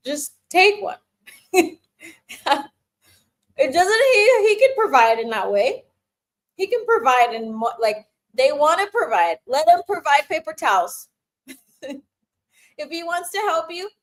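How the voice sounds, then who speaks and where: A young woman chatting casually on a live stream, her high voice bouncing all over the place. She giggles between phrases and teases her viewers playfully. It is loose, lively advice talk. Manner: playful and teasing with the chat.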